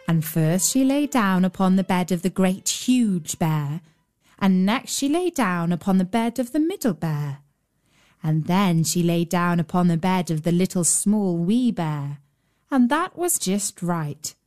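A woman storyteller reads a fairy tale aloud in an even storybook cadence. Faint fiddle music plays quietly behind her voice. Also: fairly low pitch, a little slow. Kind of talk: bedtime story narration.

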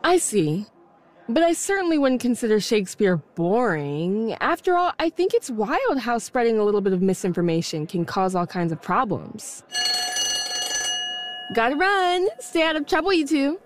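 A woman's voice: a little high, big pitch swings, moderate pace. A woman playing a nosy, gossip-loving schoolgirl with a sing-song delivery in an audio drama.

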